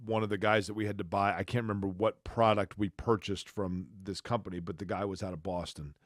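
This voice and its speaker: Brief: man, co-host, somewhat low voice, animated storyteller, dry studio mic. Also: brisk, no echo. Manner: animated anecdotes, playful questions. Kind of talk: casual sports talk show chat.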